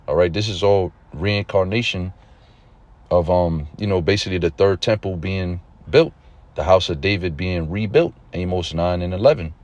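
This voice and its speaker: A man teaching an informal religious lesson in a conversational preaching manner, often checking in with his listeners and growing excited at points. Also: deep voice. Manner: grows excited and emphatic at points.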